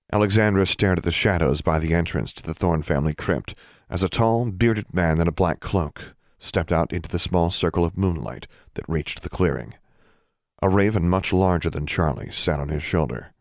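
A man narrating an audiobook in an even, measured reading. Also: sits low, dry recording, studio quality. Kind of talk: scripted narration.

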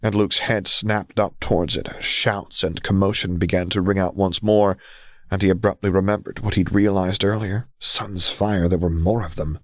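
Male audiobook narrator, very low voice, dry close read, steady. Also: moderate pace, no room sound. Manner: steady storytelling. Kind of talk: fan fiction audiobook narration.

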